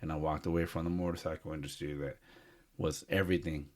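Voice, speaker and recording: A man's voice: extremely low pitch, fairly even intonation, fast. A man co-hosting a podcast, talking in an earnest, heartfelt and rambling way with lots of fillers. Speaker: podcast co-host. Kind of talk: casual chat.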